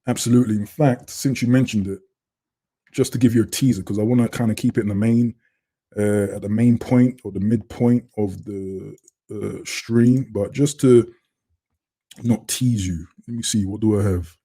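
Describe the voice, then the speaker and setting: Through his computer's webcam mic, a British livestream host chats casually and reads out comments from his viewers. He speaks at a normal speed in a lowish, mellow, slightly rough voice with fairly even intonation.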